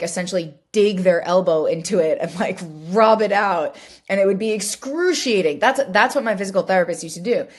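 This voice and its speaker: A woman hosting a solo podcast, telling a personal story in a candid, reflective way, full of fillers and restarts. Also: fairly low pitch. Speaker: podcast host.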